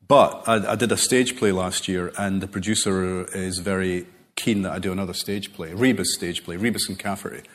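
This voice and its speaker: A man being interviewed as a novelist, telling rambling, animated stories full of self-corrections. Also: sits low, normal speed, few pauses. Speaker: novelist guest. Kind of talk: relaxed conversational interview.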